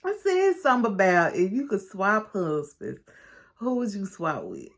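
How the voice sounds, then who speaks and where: A woman's voice: medium pitch, very animated, moderate pace. A woman recapping a reality show in casual, gossipy talk, laughing often. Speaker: recap vlogger.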